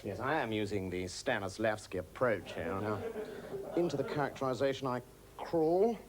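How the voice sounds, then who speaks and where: An actor playing a manic, mischievous male impostor in a stage comedy, impish and quick to switch voices, playing to the audience. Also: medium pitch, expressive, a crowd in the background, natural voice. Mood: playful.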